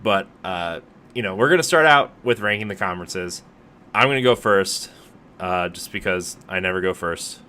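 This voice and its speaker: Male podcast co-host, low-ish, bright forceful tone, loose rambling jokey delivery. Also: lively intonation, moderate pace. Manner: rambling, filler-heavy, joking. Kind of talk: casual podcast chat.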